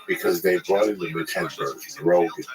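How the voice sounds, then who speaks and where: A man's voice: low-pitched, a little fast, creaky. A man hosting a casual interview, who steps in to explain things for the audience. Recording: distant mic with crowd behind.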